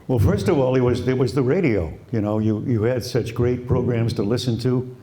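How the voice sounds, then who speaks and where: An older man with a Boston accent, a veteran radio broadcaster, telling stories about his career in a relaxed way to a live audience. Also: mid-range voice, moderate pace, reverberant, slight background noise. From Quincy, Massachusetts. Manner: relaxed anecdotal storytelling, imitates voices. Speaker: retired radio broadcaster, guest. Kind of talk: storytelling at a live talk.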